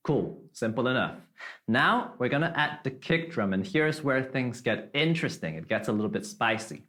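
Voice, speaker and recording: A man's voice: mid-range voice, lively intonation, moderate pace, fairly bright tone. A man from Malaysia teaching a drum tutorial, explaining step by step, counting beats aloud and checking in with "right?" and "okay?".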